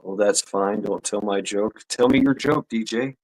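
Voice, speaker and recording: A man's voice: fairly low pitch, normal speed, rough recording. A man hosting a live stream, telling crude jokes in a loose, profane way and laughing at his own punchlines. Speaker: streamer host.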